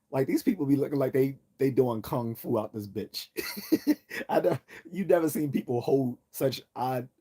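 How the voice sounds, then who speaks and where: A man's voice: medium pitch, warm tone, slightly rough. A man hosting a livestream, rambling casually with lots of profanity and frequent laughter at his own jokes. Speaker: livestream host.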